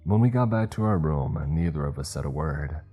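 Very deep-voiced male horror narrator. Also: husky, dull audio, soft background music. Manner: steady, measured storytelling.

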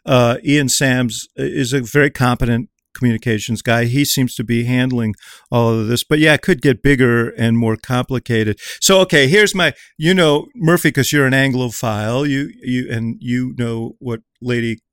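A man's voice: mid-range voice, normal speed, a bit bright, smooth, dry recording, clean studio sound. A man in a political panel discussion, chatty and anecdotal. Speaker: political commentator.

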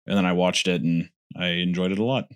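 A man's voice: low voice, steady tone, fairly quick, clear, resonant tone. An American man co-hosting a podcast, chatting casually with crude jokes, rambling and often restarting his sentences. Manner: rambling, self-interrupting, crude humor. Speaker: podcast co-host. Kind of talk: casual chat.

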